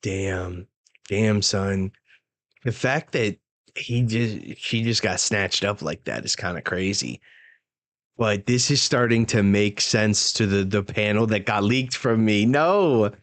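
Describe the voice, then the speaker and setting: Slow, low-voiced man reacting casually. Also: a bit bright. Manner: reads manga dialogue aloud, then reacts with slangy, profane commentary. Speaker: manga reaction host. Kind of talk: casual live reading and reaction.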